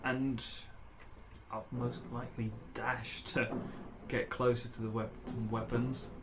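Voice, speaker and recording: A man takes his turn as a player in a tabletop game, his voice in a middle pitch. He asks eager questions about the scene. Background noise hangs over the recording. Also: flat delivery, unhurried. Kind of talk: casual tabletop play. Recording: noisy home recording.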